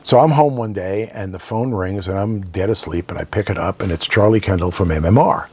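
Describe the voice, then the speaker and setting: A man's voice: low voice, fairly quick, breathy edge. Older man telling radio stories. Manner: animated storyteller, keeps checking in with "right?". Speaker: radio broadcaster, guest. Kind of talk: casual storytelling interview.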